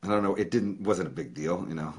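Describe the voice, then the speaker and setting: Low-voiced guy on a livestream telling a story, cussing a lot, laughs as he goes. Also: fairly quick, darkish tone. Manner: profane, emotional, laughs while telling. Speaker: musician hosting a livestream. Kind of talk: casual storytelling. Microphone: webcam or phone.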